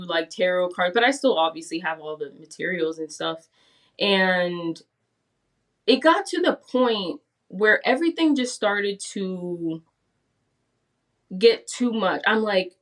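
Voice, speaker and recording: A woman's voice: mid-range voice, moderate pace, a bit bright, recorded from a distance. A woman giving a casual spoken testimony, chatty, acting out her own past words as she tells it. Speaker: guest giving a faith testimony.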